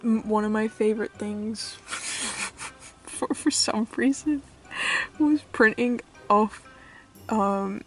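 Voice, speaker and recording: A woman's voice: on the high side, slow, pauses often. A young woman from the UK chatting casually as a vlogger, giggly and self-mocking, often trailing off into mutters. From United Kingdom. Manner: squeals with excitement at finds. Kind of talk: casual chat. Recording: faint music behind.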